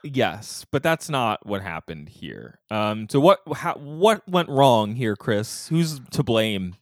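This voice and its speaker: A man co-hosting a podcast, chatting casually and acting out quotes in a mock high whiny voice. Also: big pitch swings, takes it slowly, dry recording, clean studio sound. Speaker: podcast co-host.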